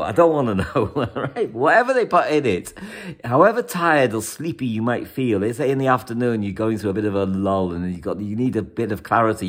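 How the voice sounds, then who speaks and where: Lively rambling male astrologer. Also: mid-range voice. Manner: animated, rambling, repeats words for emphasis; breaks into chuckles. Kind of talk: weekly astrology forecast monologue.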